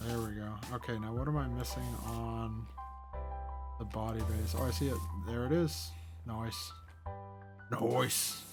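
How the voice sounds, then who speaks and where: A man's voice: mid-range voice, steady tone, moderate pace. A young man hosting a gaming channel, rambling casually and cheerfully as he plays. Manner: rambling, chatty, easily amused. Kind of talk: casual let's-play commentary. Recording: game music playing underneath. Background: background game music.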